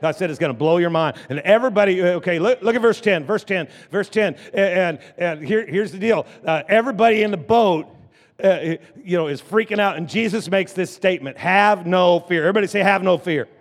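A man preaching a lively sermon as pastor, drawing the congregation into call-and-response. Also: sits high, fast talker. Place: church sanctuary. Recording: long church hall reverb.

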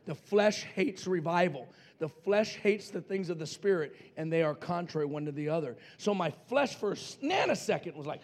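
A middle-aged male pastor from New Mexico telling a story in a sermon, playfully acting out voices and swinging from quiet asides to shouting. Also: sits high, expressive, moderate pace. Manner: playful, acts out voices in his stories.

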